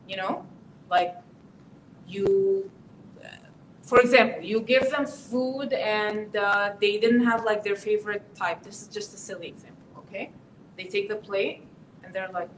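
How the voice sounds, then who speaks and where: A woman's voice: medium pitch, unhurried. A woman giving a parenting lesson to an audience. She acts out parents and teenagers and keeps asking "okay?". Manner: lively, acts out parent and teen voices, repeats "okay?". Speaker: parenting workshop speaker. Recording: echoey room, voice from a distance, faint noise.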